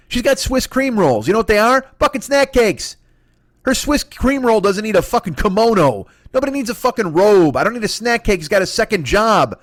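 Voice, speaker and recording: A man's voice: high voice, dry recording, studio quality. A man doing a solo comedy podcast rant, profane and exasperated. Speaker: comedian host.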